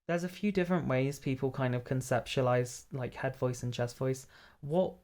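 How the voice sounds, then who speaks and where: A woman with a bass voice gives a casual, relaxed voice lesson, explaining as she goes and checking in with "right?" She sounds a little hoarse after a long workshop, and she was recorded lying down.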